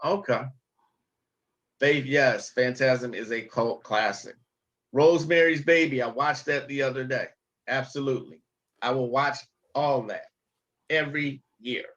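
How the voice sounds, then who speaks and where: A man's voice: mid-range voice, measured pace, pauses often, a bit bright, dull audio. A man speaking bluntly and emphatically in a casual vlog clip.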